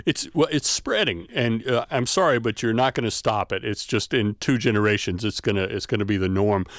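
A man's voice: on the low side, a little fast, dry recording, clean studio sound. A man, a university expert guest on a radio talk show, explaining patiently with many fillers. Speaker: linguistics professor guest. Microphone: studio microphone.

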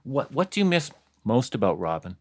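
A man hosting a public radio interview show, measured and polite, with scripted intros and sign-offs. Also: medium pitch, sing-song. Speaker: radio host.

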